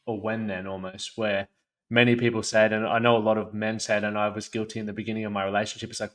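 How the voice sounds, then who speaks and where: A man's voice: on the low side, little pitch movement, fast talker, fairly bright tone. A young man hosting a podcast, talking in a reflective, earnest, casual way. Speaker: podcast host. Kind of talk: conversational interview.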